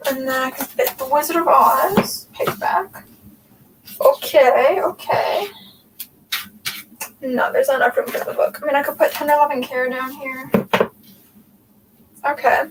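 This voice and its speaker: A young woman with a high voice hosts a relaxed livestream from a room at home lined with bookshelves, rambling through her thoughts with plenty of "like" and "um" as she reorganizes. Her tone stays steady, her pace measured, with long pauses. The distant mic picks up faint background noise.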